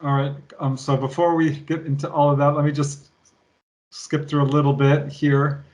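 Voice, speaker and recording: A man's voice: on the high side, level tone, normal speed, darkish tone, poor audio. Man interviewer recapping and asking. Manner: recaps the story and steers with questions. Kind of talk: conversational interview.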